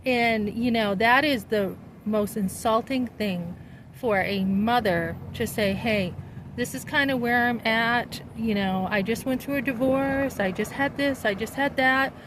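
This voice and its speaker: A woman's voice: a little high, measured pace, background noise. A middle-aged woman in a casual vlog, telling a story in an indignant, rambling and emphatic way. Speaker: vlogger.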